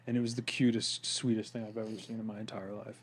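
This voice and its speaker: Low, flat-voiced man telling an anecdote. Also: fast talker, a little hiss or hum. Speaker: podcast co-host. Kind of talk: casual chat.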